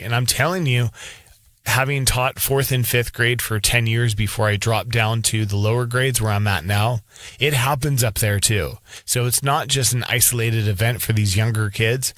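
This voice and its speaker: A man's voice: medium pitch, a bit bright, dry recording. Candid rambling teacher, man. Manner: candid, rambling, frequent restarts. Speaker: elementary school teacher. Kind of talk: casual opinion monologue.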